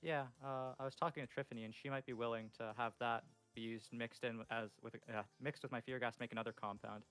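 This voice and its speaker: A man voicing a calm, matter-of-fact teenage boy who tinkers with fear gas. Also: medium pitch, fast talker, clean tone, faint music behind, natural voice.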